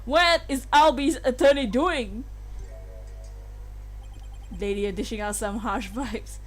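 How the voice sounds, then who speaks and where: A woman's voice: fairly high pitch, fairly even intonation, slow, faint music behind. A young woman streaming a game live, giggly and playful, laughing often as she chats.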